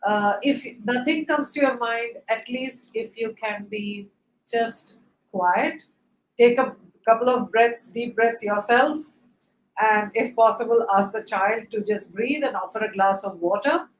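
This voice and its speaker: A woman giving calm, patient parenting advice as the expert on a webinar panel, pausing often with fillers. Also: medium pitch, echoey room, a little hiss or hum, low-quality recording. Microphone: video call.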